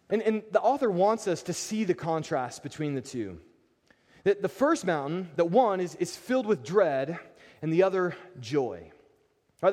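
A pastor preaching a sermon, animated and emphatic, often repeating words as he builds a point. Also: on the high side. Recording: long reverb of a large hall.

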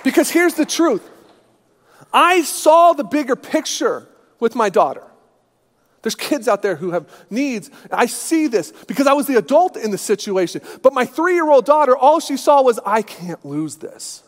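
A man's voice: very high-pitched, lively intonation, normal speed, in a large hall, a faint crowd. A man in his thirties preaching a sermon, telling personal stories with humor and self-deprecation. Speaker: pastor.

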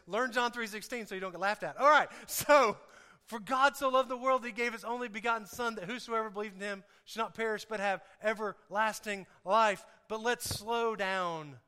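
This preacher's voice is high and smooth. His conversational sermon is playful and lively, full of repeated words and questions tossed out to the crowd, and the hall around him echoes noticeably.

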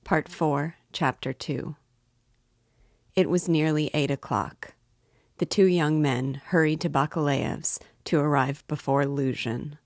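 A woman reading a classic novel aloud as narrator, in a calm, measured way. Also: sits low, no echo, clean studio sound. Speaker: audiobook reader.

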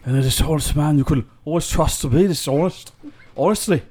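A man's voice: on the high side, a little fast, darkish tone, lightly acted. A man putting on a dishonest pirate's voice that slips into a Scottish brogue. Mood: sly.

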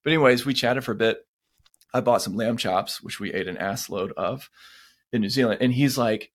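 Man, mid-pitched, lively storyteller who acts out quotes, casual podcast co-host. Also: moderate pace.

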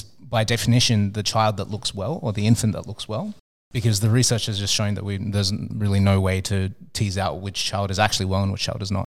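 A man's voice: fairly low pitch, a little mellow. A man hosting a clinical journal club discussion, asking questions conversationally with hesitant fillers.

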